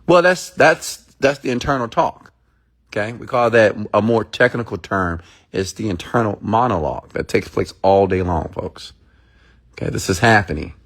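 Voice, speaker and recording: Low-voiced man giving an emphatic pep talk. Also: lively intonation, moderate pace, fairly bright tone. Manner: emphatic and repetitive, checks in with "okay?" and "right?"; acts out inner thoughts in quoted asides. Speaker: motivational speaker hosting a livestream. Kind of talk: casual motivational talk to viewers.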